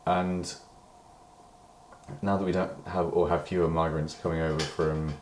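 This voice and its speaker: A man's voice: a bass voice, flat delivery, a little slow, a little mellow, echoey room, a little hiss or hum. A British man in a rambling personal diary monologue, meandering and hedging, swearing when he gets worked up. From Britain. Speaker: diary vlogger.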